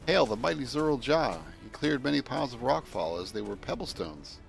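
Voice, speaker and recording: A man's voice: medium pitch, expressive, moderate pace, creaky, soft background music. A man voicing a small, formal male announcer while reading game dialogue aloud, in clipped, proclaiming phrasing.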